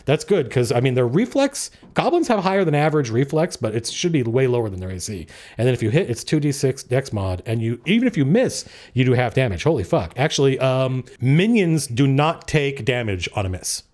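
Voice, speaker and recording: A man running a tabletop game as game master, his voice swinging up and down with lively energy. He talks casually, swears freely and thinks out loud over the rules as he narrates the action. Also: medium pitch, fairly quick, hardly any pauses.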